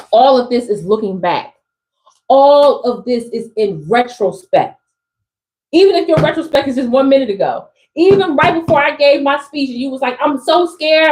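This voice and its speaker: With a fairly high but darkish voice, an East Coast woman works as a spiritual coach reading tarot cards live. She's emphatic and slangy and tends to repeat phrases, and the recording is rough.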